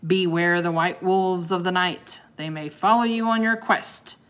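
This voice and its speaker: A woman voicing a gruff, commanding old male ice wizard who bellows and growls. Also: lowish voice, measured pace, a bit bright.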